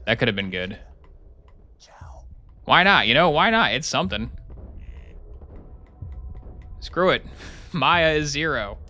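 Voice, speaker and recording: Male streamer, casual live chat, sarcastic and rambling, bright-toned voice. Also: a little high, very animated, unhurried.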